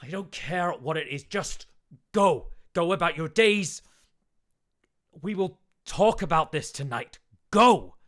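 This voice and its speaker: A man voicing a harried, short-tempered male town speaker who snaps and shouts at those pestering him. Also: mid-range voice, lively intonation, slow pace, pauses often. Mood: furious. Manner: agitated, snapping, shouting.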